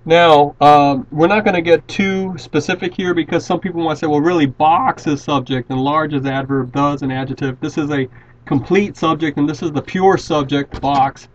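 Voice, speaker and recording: A man's voice: a little high, fairly even intonation, normal speed, slight background noise. A man teaching a grammar lesson, patiently walking through example sentences and often restarting his words. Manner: patient, repeats and restarts words while explaining. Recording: dull lo-fi classroom recording.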